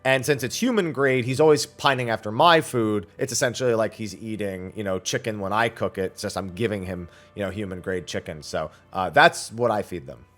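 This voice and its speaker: A man streaming a casual Q&A, reading viewer questions aloud and answering them bluntly, his voice slightly raspy. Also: lowish voice, fairly quick, hardly any pauses, a bit bright. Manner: reads chat questions aloud, then answers bluntly and at length. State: slightly raspy after eating. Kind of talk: casual livestream Q&A.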